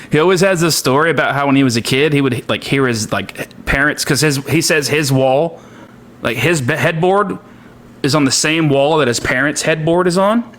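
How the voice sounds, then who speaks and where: A man's voice: a little high, normal speed, fairly bright tone. A man chatting casually and rambling, with many fillers. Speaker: comedic streamer. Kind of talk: casual chat.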